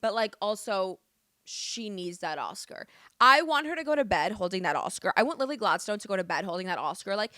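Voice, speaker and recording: A woman's voice: high voice, pushed and bright, no room sound, clean studio sound. A young woman vlogging her opinions in a casual, emphatic chat, full of restarts and swearing.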